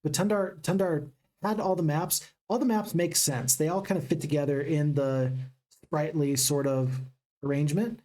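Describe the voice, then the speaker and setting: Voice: medium pitch, steady tone, normal speed, a little mellow. A gaming channel host giving upbeat, casual let's-play commentary and chatting with viewers.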